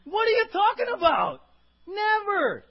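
A man acting out the apostle Peter as an agitated adult man, shouting in disbelief. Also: very high voice, wildly swooping pitch, a little slow, vocal fry, muffled recording, pitched above the performer's own voice, heavily acted. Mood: protesting.

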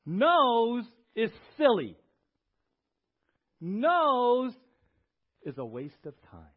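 Guy preaching a sermon, high voice, swoops up and down a lot, muffled church recording. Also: drawn-out words, breathy edge. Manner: animated, emphatic, asks the congregation questions. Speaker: pastor. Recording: dull lo-fi recording.

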